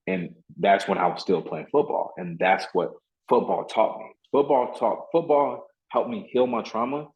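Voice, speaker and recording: Very deep-voiced man telling stories. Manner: earnest, repeats words, frequent "you know" fillers. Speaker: podcast guest, motivational speaker. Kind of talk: casual storytelling interview. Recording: dull lo-fi sound.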